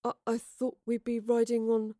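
A woman's voice: fairly high pitch, monotone, moderate pace, dark tone, no echo, studio quality, natural voice. A woman voicing a timid, clumsy young male soldier who stammers sheepishly in a storybook reading.

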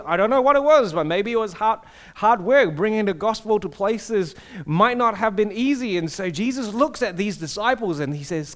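A man's voice: high-pitched, animated, normal speed. A man, preaching a casual sermon that tells stories and asks the audience questions. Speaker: pastor. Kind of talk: conversational sermon.

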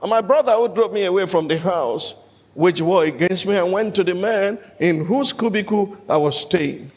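A man preaching a sermon and telling stories, rising now and then to loud shouted peaks. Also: high voice, normal speed, big-room sound. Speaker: pastor.

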